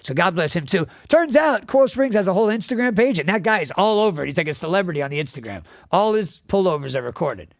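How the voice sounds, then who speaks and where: Fast-talking, foul-mouthed man telling stories. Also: sits high, creaky, no echo, studio quality. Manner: animated, swearing, laughing often. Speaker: podcast co-host. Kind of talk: casual comedic storytelling.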